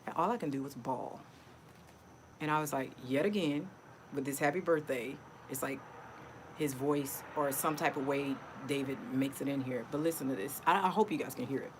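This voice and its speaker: Middle-aged female vlogger, low register, chatty and emotional; noisy home recording. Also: moderate pace. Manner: chatty, emotional, repeats herself. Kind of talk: casual personal vlog.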